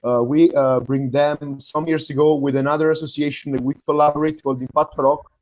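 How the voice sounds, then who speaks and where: A man from Italy with an Italian accent, hosting an interview over a video call in halting, filler-heavy English. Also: on the high side, flat delivery, a little mellow, dry recording, rough recording. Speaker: host. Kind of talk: interview chat.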